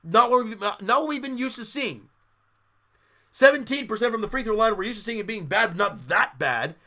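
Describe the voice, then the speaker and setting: A man's voice: high voice, lively intonation, a little fast, sharp tone. A man hosting a sports podcast, candidly and exasperatedly breaking down a live basketball game like a fan. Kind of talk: casual live game commentary.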